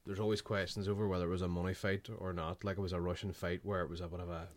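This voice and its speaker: A man's voice: sits low, flat delivery, racing. A young man telling a rambling, swear-filled anecdote in casual chat.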